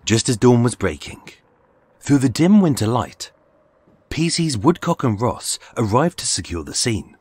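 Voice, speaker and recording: A man narrating a true-crime story in a measured, dramatic scripted style. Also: medium pitch, big pitch swings, darkish tone, husky, dry recording. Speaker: podcast narrator. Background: faint music.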